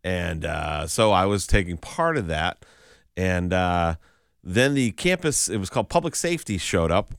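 A man, a comedian guest on a morning radio show, telling a story in a lively way, laughing often and acting out the voices of the people in it. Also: sits low, a little slow, gravelly, smooth, no echo, clean studio sound. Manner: animated, laughing, acts out voices in his stories.

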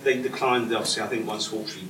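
Male host, lower voice, eager, stage Q&A, far-off mic. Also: fairly even intonation, fast talker. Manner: enthusiastic fan, many fillers and restarts. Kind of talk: stage interview. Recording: echoey hall, distant mic, audible noise.

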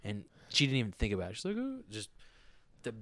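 A man telling stories in casual podcast chat, profane and animated, acting out what people said. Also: fairly low pitch, fast, no echo. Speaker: podcast co-host.

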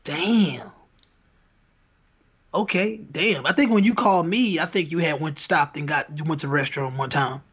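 A man's voice: a little high, normal speed, fairly bright tone, husky, highs cut off. A young adult man co-hosting a podcast in a casual, laid-back, slangy way. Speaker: podcast co-host. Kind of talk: casual chat.

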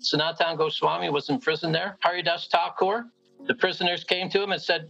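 A man's voice: on the high side, little pitch movement, fairly quick, vocal fry, bright, forceful tone, highs cut off, faint music behind. A man telling stories with enthusiasm on a casual podcast, acting out the quotes of people he met. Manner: enthusiastic storyteller, acts out quotes. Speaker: prison ministry guest. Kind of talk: casual podcast chat and storytelling.

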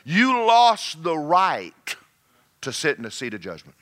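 A man preaches to his congregation, his voice swinging between loud, pressing lines and hushed asides. His pitch moves a lot, and his tone is bright and forceful. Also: huge pitch swings, unhurried. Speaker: pastor. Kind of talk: sermon.

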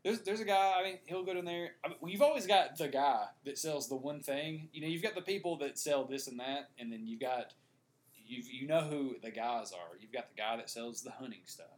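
A man's voice: medium pitch, brisk. A man co-hosting a casual podcast, rambling with restarts and fillers. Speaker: podcast co-host. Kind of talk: casual chat.

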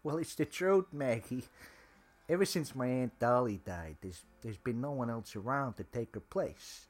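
A man's voice: mid-range voice, expressive, moderate pace, soft background music, natural voice. A man voicing an earnest hotel worker who talks hesitantly and stumbles over his words.

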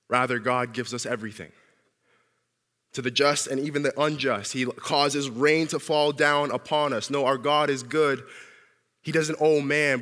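A man preaching a sermon as pastor, animated, calling out questions for listeners at home to answer. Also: mid-range voice, big-room sound.

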